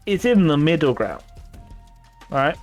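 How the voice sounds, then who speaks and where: A fairly high-voiced man chatting on his gaming stream, cursing constantly as he works himself into an exasperated rant. Faint game music plays underneath his voice. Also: sing-song, a little slow, a little mellow. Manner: swears freely, ranting and exasperated. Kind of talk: casual gaming stream chat.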